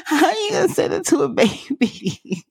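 Teasing young woman with a gravelly voice. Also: sits high, very animated, unhurried, a little mellow, no room sound, studio quality. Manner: teasing, laughs often. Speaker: podcast host. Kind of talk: casual chat.

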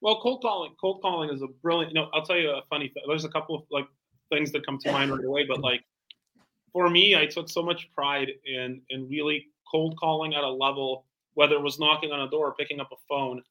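A middle-aged man, a guest in an interview, telling animated stories about his sales career and acting out phone calls. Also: fairly high pitch, brisk, rough recording. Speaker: guest, bespoke tailor and founder. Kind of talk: casual interview storytelling.

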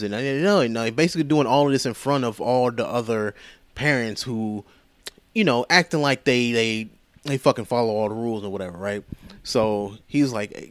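A man rambles through a movie recap, swearing freely and slipping into quoted voices. His voice sits at a middle pitch. The sound is close and dry. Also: moderate pace, no echo. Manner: profane, rambling, animated retelling with quoted voices. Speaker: podcast host.

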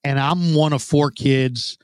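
A man's voice: mid-range voice, steady tone, slow, clean tone, no room sound. A man in his fifties, a former football scout, telling his career story in an interview with frequent restarts. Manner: rambling, with frequent restarts and fillers. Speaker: guest, former football scout turned radio host.

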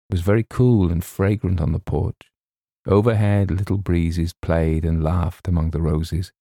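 A man reading a comic short story aloud in a measured, wry storytelling manner. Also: low-pitched, steady tone, dark tone, no echo, clean studio sound. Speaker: audiobook reader. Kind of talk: scripted narration.

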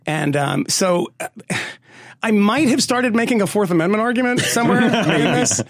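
Male podcast co-host, gravelly, animated storyteller, pitched a bit high. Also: moderate pace, dry recording, clean studio sound. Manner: animated storytelling with laughs and profanity. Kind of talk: casual chat.

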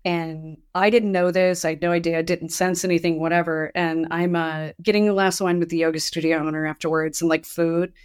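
Host, female, lower voice, chatty storyteller in relaxed conversation. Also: brisk, few pauses, smooth. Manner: chatty storyteller, acts out quoted exchanges. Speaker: podcast host. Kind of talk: casual conversational interview.

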